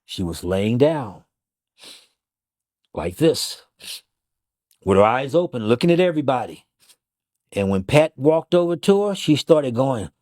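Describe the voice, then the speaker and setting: Very animated yet unhurried, this doctor tells a dramatic interview story, pausing often and acting out people's words emphatically. His mid-range voice is a little mellow. The studio recording carries no echo.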